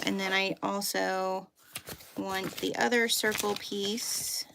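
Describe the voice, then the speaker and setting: Chatty, gravelly woman teaching sewing. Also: mid-range voice, a bit bright, slight background noise. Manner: chatty, many "like" and "um" fillers, thinking aloud while working. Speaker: sewing teacher hosting a live sew-along. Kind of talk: casual live tutorial.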